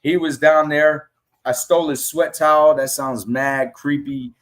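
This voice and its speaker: A middle-aged man on a casual podcast, telling fan stories and acting out quotes in an animated way. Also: on the high side, measured pace. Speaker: guest fan.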